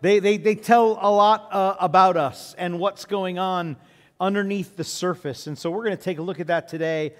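A man preaches a sermon in a large church, his fairly high voice carrying a long hall reverb. He talks in a relaxed, storytelling way, with many "uh"s and restarts. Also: normal speed. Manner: conversational storytelling with frequent fillers. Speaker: pastor.

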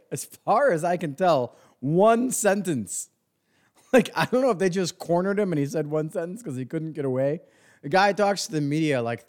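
A man's voice: a little high, a little mellow. Guy ranting on a sports podcast, sarcastic and swears a lot, voice jumps up and down a lot, says like constantly. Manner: sarcastic, profane, frequent fillers. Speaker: podcast host.

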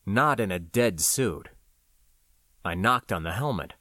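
A man narrating a science-fiction novel in the first person, with a measured, expressive storytelling delivery. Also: lowish voice, no room sound, clean studio sound. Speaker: audiobook narrator.

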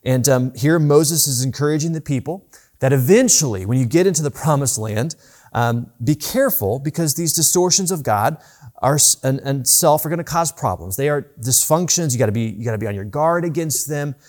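A man preaching a sermon as pastor, rising and slowing down to stress the scripture he reads. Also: medium pitch, lively intonation, a little mellow. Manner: earnest preaching, rises and slows to stress scripture. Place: church.

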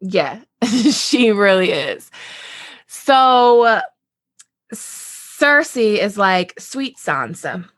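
A woman's voice: medium pitch, lively intonation, very slow, a bit bright, no echo. Chatty young woman podcaster. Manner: chatty, profane, many "like"s. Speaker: podcast co-host. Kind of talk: casual book discussion.

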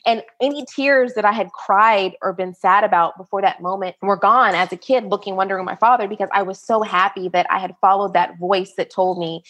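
An animated American woman telling her own story as an interview guest. She talks at an ordinary middle pitch and jumps up high whenever she acts out what people said. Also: brisk, few pauses. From United States. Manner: animated, acts out quoted voices at a higher pitch.

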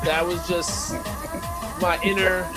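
A man's voice: high voice, level tone, slow pace, loud music behind the voice. A man co-hosting a casual podcast chat, playful and jokey. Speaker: podcast co-host.

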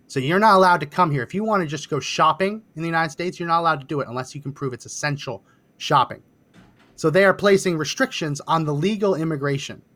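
A man hosting a political podcast, presenting clips with a brisk, sardonic delivery. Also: fairly high pitch, a bit bright. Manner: brisk, sardonic, directing the producer. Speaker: podcast host.

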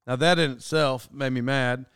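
A man's voice: medium pitch, normal speed, clear, resonant tone, no echo, clean studio sound. A man hosting a podcast, telling a casual story and acting out the voices of people in it. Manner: animated, acts out quoted dialogue. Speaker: podcast host.

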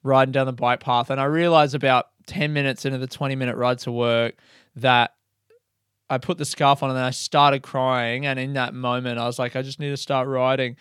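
A young man talks through a story on his own podcast, rambling and cursing freely as he mocks himself. His voice is smooth and clear at a middling pitch. The sound is close and dry. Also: little pitch movement, moderate pace, fairly bright tone, dry recording. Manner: rambling, swears freely, self-mocking. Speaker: podcast host. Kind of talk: casual storytelling monologue.

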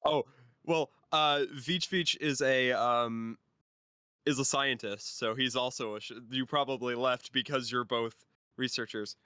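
A man's voice: medium pitch, fairly even intonation, pushed and bright, clear, resonant tone, no room sound, studio quality. A man narrating as game master for a tabletop game, hesitant and full of fillers. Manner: slow, hesitant, filler-heavy.

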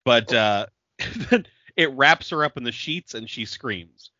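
A man's voice: mid-range voice, expressive, slow pace, bright, forceful tone, dry recording, muffled recording. A man co-hosting a podcast, recapping a film in casual chat, laughing often and filling his talk with "like". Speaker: podcast co-host.

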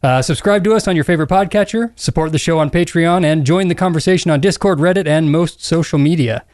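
A man hosting a podcast in casual chat, chatty, laughing easily and throwing in quick asides. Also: on the high side, darkish tone, no echo, clean studio sound. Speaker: podcast host.

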